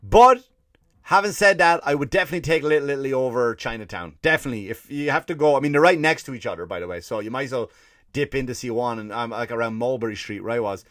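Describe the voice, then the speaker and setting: A man's voice: mid-range voice, animated, fast talker, fairly bright tone, dry recording, studio quality. An Irish man hosting a comedy podcast, telling a profane, ranting story and mimicking people in put-on voices. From Ireland. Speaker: podcast host. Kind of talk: comedic monologue.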